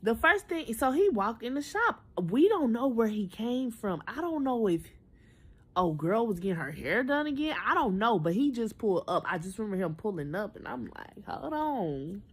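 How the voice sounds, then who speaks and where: A woman in her twenties telling a personal story in a chatty, animated storytime style, talking straight to her viewers. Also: fairly high pitch, normal speed, husky. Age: 20s. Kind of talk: casual storytime.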